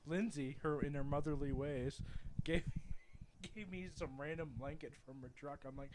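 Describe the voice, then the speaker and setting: A young man with a slightly high voice tells a story in casual podcast chat. He rambles, backs up and corrects himself as he goes. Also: a little slow, noisy background. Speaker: podcast co-host.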